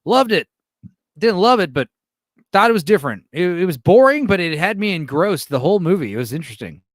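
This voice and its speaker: A man in his late thirties from Texas rambles through a casual stream chat, swearing freely, chuckling and often restarting his sentences. His voice sits a little higher than most men's. It is recorded close and dry, with no room sound. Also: very animated, fairly quick, dry recording. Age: late 30s. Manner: loose, profane, chuckling, lots of fillers and restarts. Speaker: streamer host.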